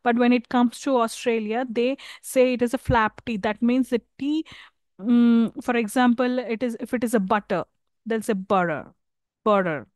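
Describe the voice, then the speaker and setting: A woman's voice: a little high, steady tone, moderate pace, darkish tone, smooth, dry recording. A woman with an Indian English accent giving a live university lecture, hesitant with many fillers and restarts, checking in with her listeners.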